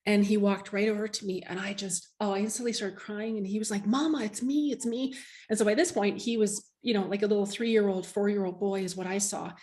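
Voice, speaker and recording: A woman's voice: medium pitch, little pitch movement, fast talker, hardly any pauses, a little mellow. A woman guest, a medium, telling an emotional personal story in an interview, heartfelt and earnest with many restarts.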